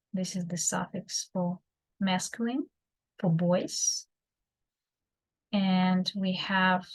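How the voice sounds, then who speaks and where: A woman teaching beginners, explaining slowly and patiently with many fillers and repeated examples. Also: on the low side, low-quality recording. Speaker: Russian language teacher. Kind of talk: beginner language lesson.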